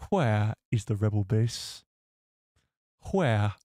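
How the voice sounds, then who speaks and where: A man's voice: lowish voice, expressive, slow pace, loud music behind the voice, pitched below the performer's own voice. A man doing a playful impression of a pompous imperial villain with mock menace. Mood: mock-menacing.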